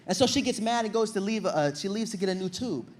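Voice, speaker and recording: A young man with a high voice performs stand-up on a club stage, acting out his story with sudden loud outbursts. Faint room noise sits behind the voice. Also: fast. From Virginia, USA. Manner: animated storytelling, loud acted-out shouts. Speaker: stand-up comedian. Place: comedy stage before an audience.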